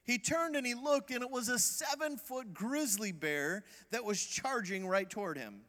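A man preaching as a visiting evangelist in a church, lively and calling for the crowd's responses. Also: extremely high pitch, moderate pace, long reverb tail. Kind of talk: sermon.

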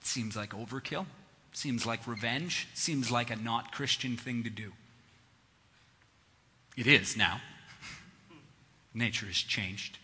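A man's voice: medium pitch, slow pace, long pauses, sharp tone, breathy edge. A man preaching a sermon in a conversational teaching manner, driving his points home with emphatic repetition. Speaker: pastor. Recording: long hall reverb.

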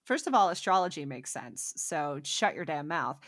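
A young adult woman co-hosting a casual chat podcast, telling stories in an animated, profane way with emphatic bursts. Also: low-pitched, normal speed, no echo, studio quality. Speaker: podcast co-host.

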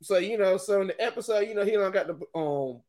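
A middle-aged man hosting a podcast and talking through a rambling, animated, casual monologue, often laughing. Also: high voice, quick pace. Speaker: podcast host.

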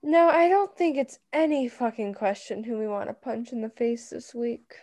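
A woman's voice: a little high, expressive, moderate pace, a little mellow. A young woman co-hosting a podcast, adding blunt, dry comments in casual chat. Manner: blunt, dry asides with swearing. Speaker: podcast co-host.

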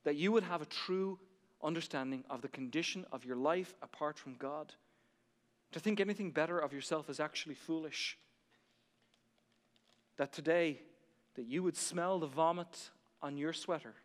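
Male pastor, high voice, impassioned sermon delivery, long church-hall reverb. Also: moderate pace, pauses often. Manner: impassioned, rising to near shouting, then dropping soft.

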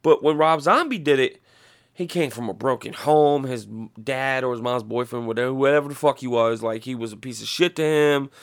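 A podcast host with a mid-range voice talks fairly quickly, delivering a casual rant. He swears heavily and lets his thoughts ramble.

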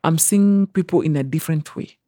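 Woman, Kenyan accent, young adult, personal storytelling, mellow tone, dry recording. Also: deep voice, fairly quick, no room sound. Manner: animated, acts out quoted voices, mixes in Swahili. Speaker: interview guest.

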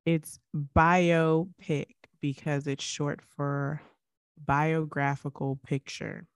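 Low-voiced, wry woman podcast co-host. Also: lively intonation, normal speed, no echo, studio quality. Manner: chatty storyteller, wry and emphatic. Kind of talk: casual podcast chat.

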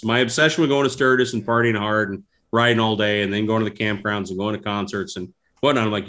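A man telling stories in a casual interview, animated and laughing as he goes. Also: lowish voice, quick pace, few pauses. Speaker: guest. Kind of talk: casual storytelling.

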